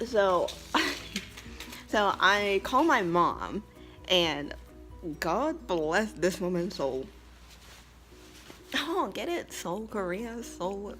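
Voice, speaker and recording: A woman's voice: medium pitch, big pitch swings, drawn-out words, pauses often, fairly bright tone, faint music behind. A young American woman telling a story in a casual vlog, chatty and emphatic, laughing often. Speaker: vlogger and English teacher abroad.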